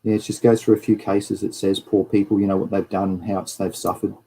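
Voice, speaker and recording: Ranting Australian man, mellow voice. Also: lowish voice, a little fast, slight background noise, poor audio. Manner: animated, ranting, reads news and chat aloud. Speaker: live-stream host. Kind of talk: casual live-stream commentary.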